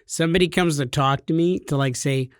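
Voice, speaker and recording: Guy cohosting a gaming podcast, kinda high voice, always teasing, dry studio sound. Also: a little fast, clear, resonant tone, no room sound. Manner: teasing, joking storyteller. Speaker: podcast co-host. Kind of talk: casual chat.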